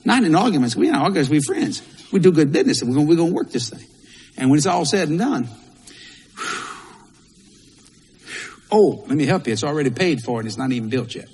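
A man's voice: on the high side, lively intonation, rapid-fire, a little mellow, slightly rough. A male pastor, preaching a sermon in a folksy, repetitive way with Southern turns of phrase. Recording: long hall reverb.

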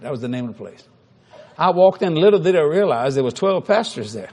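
A preacher telling a story in a sermon, animated and humorous, acting out the dialogue. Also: male voice, fairly high pitch, fairly quick.

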